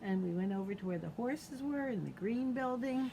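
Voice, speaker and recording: A children's librarian reading picture books aloud at storytime, animated and asking the children questions. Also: female voice, fairly high pitch, moderate pace, gravelly, few pauses, a little hiss or hum.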